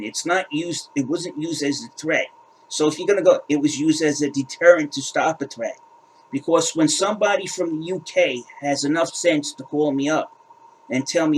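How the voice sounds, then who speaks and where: A man's voice: on the high side, a little hiss or hum, rough recording. A man hosting his own crypto channel, ranting in a heated, casual way and often repeating and restarting his words. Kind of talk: heated casual rant to camera.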